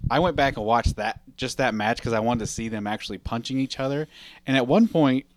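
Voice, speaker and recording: A man's voice: mid-range voice, fairly quick, no echo. A man hosting a casual chat, telling long rambling stories full of asides and fillers.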